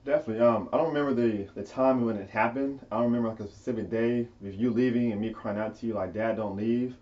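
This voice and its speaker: A young man chatting with his father, relaxed, with many fillers like uh and man. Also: mid-range voice, quick pace, distant mic, muffled recording. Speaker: guest, interviewer's son. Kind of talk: casual conversation.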